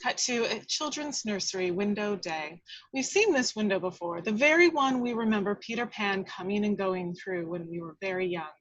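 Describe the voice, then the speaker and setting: Woman narrator for a table read, mid-pitched, expressive, dry sound. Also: dry recording, highs cut off. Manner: measured, expressive reading. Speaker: narrator reading action lines.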